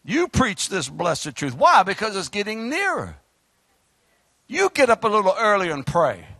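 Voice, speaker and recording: A man preaching a fiery, exhorting sermon as pastor, swinging between shouts and quiet asides. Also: high voice, wildly swooping pitch, moderate pace, no room sound, clean studio sound.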